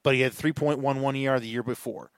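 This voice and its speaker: A man's voice: medium pitch, fairly even intonation, fast talker, no echo, clean studio sound. A man co-hosting a podcast, giving opinionated views in casual chat and thinking aloud. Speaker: podcast co-host. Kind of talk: casual fantasy baseball chat.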